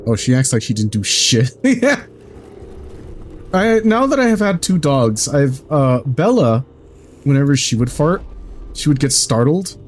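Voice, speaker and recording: Animated man chatting through a game stream. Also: mid-range voice, measured pace, slight background noise. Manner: rambling and jokey, swears freely. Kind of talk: casual chat while streaming a game.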